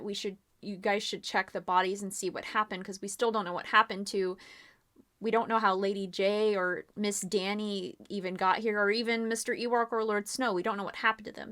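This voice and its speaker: A woman's voice: medium pitch, fairly bright tone, close to an everyday voice. A woman voicing a practical doctor in a murder mystery game, giving matter-of-fact instructions. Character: calm, practical doctor taking charge.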